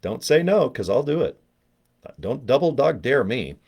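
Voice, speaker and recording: A man's voice: mid-range voice, very animated, normal speed, vocal fry, a little mellow, husky. A man hosting a casual live stream, rambling and joking with viewers in the chat and poking fun at himself. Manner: joking, rambling, self-mocking; talks to viewers in the chat by name. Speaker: livestream host promoting products.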